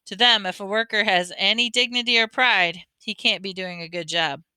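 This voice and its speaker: A kindly older man with a teasing, folksy way of talking, as a woman reads him aloud. He explains things patiently to a boy and calls him bud. The voice is bright and smooth, in a dry, close audiobook sound. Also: medium pitch, moderate pace, dry recording. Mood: explaining. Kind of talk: audiobook reading.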